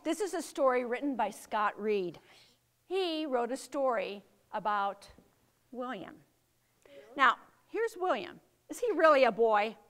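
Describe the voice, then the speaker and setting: A woman's voice: fairly high pitch, expressive, fairly bright tone. A middle-aged woman teaching young children safety rules, speaking emphatically and asking them lots of questions. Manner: slow, emphatic, asks the children many questions.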